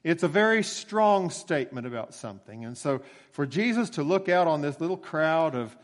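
A man preaching a sermon as a pastor, emphatic, with dramatic pauses and bursts of rising emphasis. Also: on the high side, lively intonation, long reverb tail.

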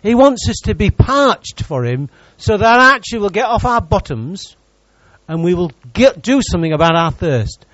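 A man delivers a sermon in a high, very animated voice that leaps up and down. He preaches as a pastor and teases his congregation with jokes between his points. The sound is dry and a little dull. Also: normal speed, no echo. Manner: lively, teasing preacher who jokes with the congregation.

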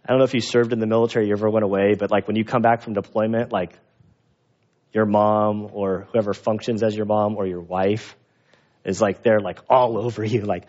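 A man preaching a sermon in a lively, animated way, acting out the voices of people in the story. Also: lowish voice, brisk, lo-fi sound. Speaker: pastor.

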